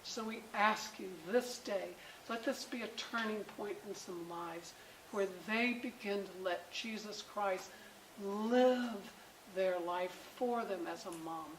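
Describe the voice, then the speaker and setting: A middle-aged woman teaching a Bible class for mothers and closing in prayer, animated and emphatic, with bursts of excitement. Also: mid-range voice, slow. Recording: echoey room with faint background noise.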